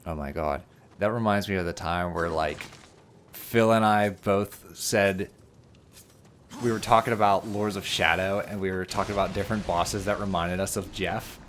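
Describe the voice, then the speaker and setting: A man's voice: low voice, normal speed, slight background noise. A man playing through a game on a let's play, chatting casually and telling stories with laughter. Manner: animated storytelling, laughs, mimics people. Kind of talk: casual gaming commentary.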